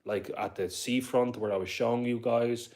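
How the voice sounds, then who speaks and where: With a medium-pitched, slightly mellow voice and a steady tone, a young Irish man with a Dublin accent speaks at a moderate pace. He rambles casually through his stream, reading comments aloud and replying to viewers.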